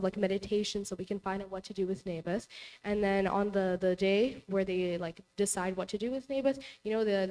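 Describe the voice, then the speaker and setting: A woman's voice: medium pitch, a little mellow. A young woman presenting a casual Bible lesson to a youth group in a church hall, retelling the story in a chatty way full of "like" and "you know".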